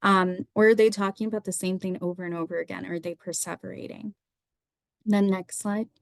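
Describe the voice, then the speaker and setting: A woman's voice: mid-range voice, little pitch movement, fairly quick, gravelly, dry recording, clean studio sound. A young woman, a psychiatry resident, teaching medical students through a slide lecture, running through lists of questions in an explanatory way. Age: young adult.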